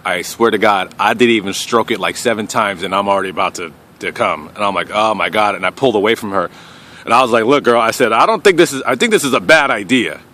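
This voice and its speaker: A young man telling a crude personal story to camera in a casual, rambling way, often trailing off quietly. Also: lowish voice, a little hiss or hum. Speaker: vlogger.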